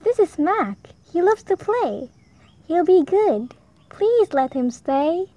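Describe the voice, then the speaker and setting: An earnest little otter boy from a picture book, as a woman reads him aloud. He pleads in a high, childlike voice, slow and careful. Every word sounds eager to please. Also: animated. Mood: pleading. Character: young male otter schoolboy, earnest and pleading.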